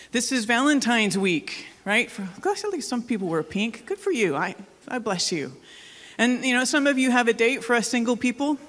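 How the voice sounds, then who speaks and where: A woman's voice: medium pitch, a bit bright. Woman pastor, sermon, light and teasing with the congregation, long church reverb. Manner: joking, conversational, asks the congregation questions. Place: church hall.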